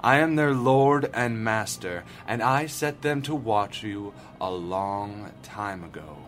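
A man's voice: fairly low pitch, expressive, slow pace, fairly bright tone, a little hiss or hum. An actor playing a smug male demon lord who speaks in a silky, patronizing way. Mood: gloating.

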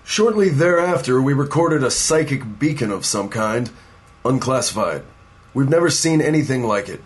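Man acting as agency boss, firm, persuasive, audio drama, mid-pitched voice. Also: animated, normal speed, natural voice. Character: calm male agency boss offering a job.

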